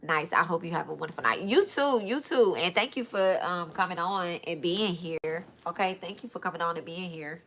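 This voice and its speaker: A woman's voice: lowish voice, fairly even intonation, a little fast, few pauses, bright, forceful tone, a little hiss or hum. A woman, talking loosely and informally to her live-stream viewers, calling them y'all. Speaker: spiritual reader and live-stream host. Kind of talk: casual live-stream chat.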